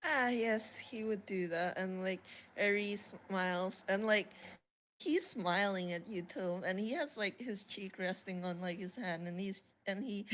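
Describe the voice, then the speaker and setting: A woman's voice: medium pitch, a bit bright, slight background noise. A woman narrating her character in a casual tabletop role-play, rambling with many fillers. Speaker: player and co-narrator.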